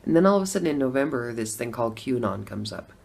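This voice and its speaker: A woman's voice: a bass voice, sing-song, fast talker, gravelly, a little mellow. A middle-aged woman telling a personal story in a casual, conversational way. She laughs often and acts out her own reactions. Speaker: former Democrat voter telling her story.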